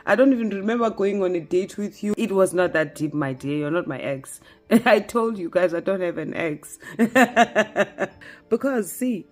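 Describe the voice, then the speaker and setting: A young woman telling a casual storytime, animated and laughing often as she acts out the dialogue. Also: mid-range voice. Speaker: storytime vlogger.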